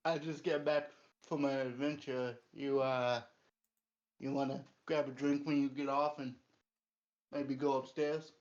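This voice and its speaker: Man doing a cocky adventurer hitting on a barmaid, laid-back and smooth, dull lo-fi sound. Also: mid-range voice, level tone, unhurried, darkish tone, voice pushed down, close to an everyday voice. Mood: flirty. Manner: smooth, casual flirting. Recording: dull lo-fi mic.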